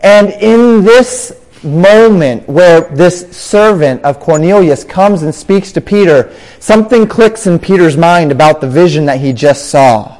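A man's voice: on the high side, unhurried, darkish tone, low-quality recording. A man preaching a sermon, explaining scripture and drawing out words for emphasis.

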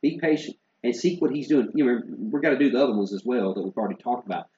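A man pastor preaching an earnest sermon, building to emphatic lists and dropping to quiet asides. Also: medium pitch, quick pace. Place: church sanctuary. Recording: roomy, slightly dull church sound.

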